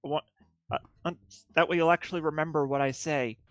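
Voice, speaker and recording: A woman's voice: low-pitched, steady tone, a little fast, no room sound, voice pushed down, close to an everyday voice. A woman voicing a weary, exasperated man in a tabletop game. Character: weary sober-minded man Ryu.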